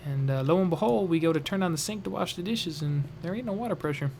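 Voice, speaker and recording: A man's voice: fairly high pitch, fast, creaky, darkish tone, a little hiss or hum. A young man casually telling a funny family story on a vlog, rambling and joking. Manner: rambling, lots of fillers and restarts, jokey.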